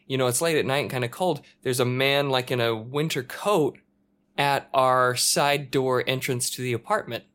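A man chatting casually, telling a story with lively acted-out quotes and shouts. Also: medium pitch, smooth. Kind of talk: casual chat. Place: apartment in a multi-story building.

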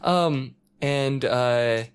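A man in easy conversation, spinning an anecdote with animated energy. He throws himself into the quoted voices, jumping up into shouts and dropping back to a mutter. His pitch sits in an ordinary middle range. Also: drawn-out words, clean tone. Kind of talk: casual chat. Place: apartment in a multi-story building.

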